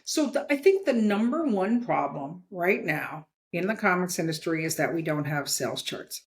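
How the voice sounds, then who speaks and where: A woman's voice: on the low side, lively intonation, normal speed. A woman talking bluntly and emphatically as a guest in a casual interview, often checking in with "okay?". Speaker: comics editor and guest.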